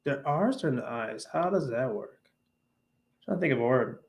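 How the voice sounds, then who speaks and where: A man's voice: mid-range voice, lively intonation, normal speed, gravelly. Rambling man chatting on a livestream. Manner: rambling, many restarts and fillers, mixing English and Spanish. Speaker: livestream host. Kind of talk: casual chat with viewers.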